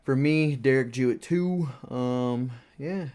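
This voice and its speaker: A man's voice: medium pitch, slow pace, a little mellow, smooth. A man hosting a casual racing podcast, talking loosely with lots of fillers and laughing at himself. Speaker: podcast host and sim racing driver. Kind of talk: casual chat.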